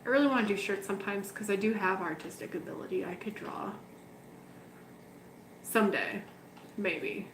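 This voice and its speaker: A woman who breeds betta fish and hosts a channel chats affectionately and coos at her fish while moving a handheld camera around her home fish room during a casual livestream. She talks at normal speed in a medium pitch with long pauses, and there's a little hiss or hum.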